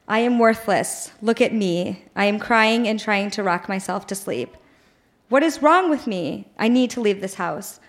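A woman reading her teenage journal aloud on stage at a live show, in a pleading, melodramatic way. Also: medium pitch. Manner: pleading, melodramatic teen outbursts. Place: live bar venue.

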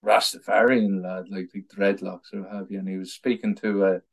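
A low-voiced Irish man talks as an interview guest. He tells stories in an easy, rambling way, stumbling and repeating words as he goes, and laughs now and then at his own anecdotes. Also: little pitch movement, brisk, vocal fry. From Ireland. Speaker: guest, political activist. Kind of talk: casual conversational storytelling.

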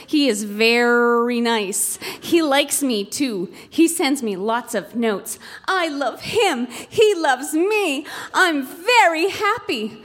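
A woman reading aloud entries from the diary she kept as a child, in an earnest, deliberate way. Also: on the high side, fairly bright tone. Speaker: reader at a live storytelling show.

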